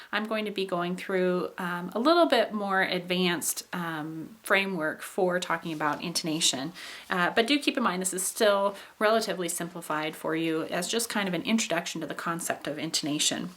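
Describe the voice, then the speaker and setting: A woman's voice: fairly low pitch, fairly bright tone. Woman explaining intonation patterns. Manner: explanatory, with fillers and modeled example sentences. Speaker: instructor. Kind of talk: recorded phonetics lecture.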